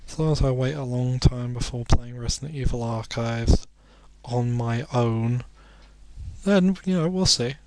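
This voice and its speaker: A man's voice: medium pitch, measured pace, darkish tone. A sleepy man commentating a video game, rambling and making self-deprecating jokes between muttered asides. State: sleepy, yawning. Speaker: let's play commentator.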